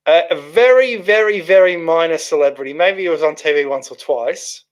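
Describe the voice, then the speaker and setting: A man's voice: on the high side, moderate pace. A man hosting a casual livestream, reading out chat comments and rambling with many restarts and fillers.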